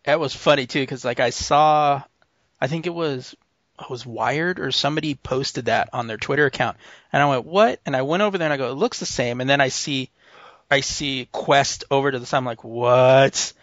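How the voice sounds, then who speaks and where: Easygoing rambling podcast host. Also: male voice, medium pitch, fairly quick, fairly bright tone, no room sound. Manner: rambling, easygoing, laughs often. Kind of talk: casual chat. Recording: dull lo-fi podcast audio.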